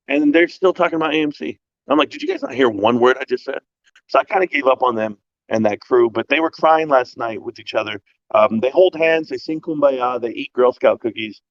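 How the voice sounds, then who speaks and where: A man's voice: medium pitch, expressive, quick pace, a bit bright, no echo, dull audio. Opinionated ranting man on a livestream. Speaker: livestream co-host. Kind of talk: casual chat.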